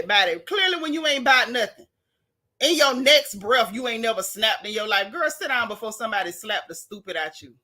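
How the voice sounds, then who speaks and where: Sassy, bright-voiced woman gossiping. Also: fairly high pitch. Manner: sassy, animated, reads chat aloud. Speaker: show recap host. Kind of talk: casual gossip commentary.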